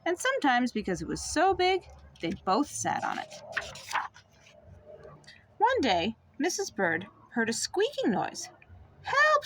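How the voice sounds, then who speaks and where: A young mother reading a picture book aloud to her child, in an expressive, sing-song way. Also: on the high side, gravelly, a little hiss or hum.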